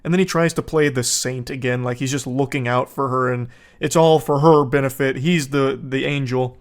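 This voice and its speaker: A man in his thirties reading out text messages with dry, deadpan, sardonic commentary. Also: medium pitch, moderate pace. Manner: deadpan, sardonic, monotone delivery. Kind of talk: comedic commentary.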